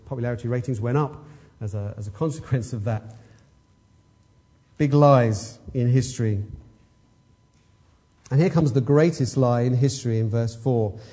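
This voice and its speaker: A man's voice: mid-range voice, warm tone. A man preaching an expository sermon, emphatic and fond of rhetorical questions.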